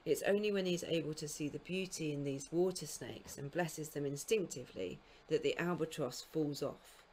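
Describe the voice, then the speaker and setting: A woman giving a recorded literature lecture to school students, explaining in a measured way and now and then correcting herself mid-phrase. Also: deep voice, darkish tone, slight background noise. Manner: speaks scansion aloud in sing-song beats. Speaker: university lecturer.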